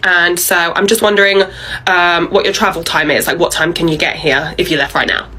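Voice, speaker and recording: A woman's voice: lowish voice, steady tone, fairly quick, sharp tone, slight background noise, poor audio. A woman voicing a bossy, pushy female manager who dodges blame and leans on her staff. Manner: pushy, wheedling, dodging blame.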